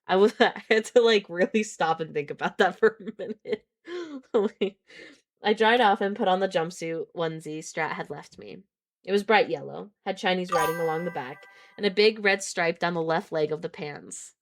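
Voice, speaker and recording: A woman's voice: lowish voice, normal speed. A woman streamer reading a book aloud on a live stream, often stopping to laugh, react and reread lines.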